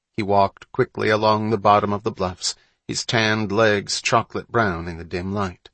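Steady, low-voiced male audiobook narrator. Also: no echo. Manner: steady, measured storytelling. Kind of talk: scripted narration.

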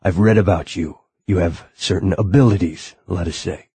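A man voicing an educated, dignified male maître d' who speaks in a low, measured, formal way. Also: dark tone, husky, no room sound, heavily acted. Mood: urgent, stern.

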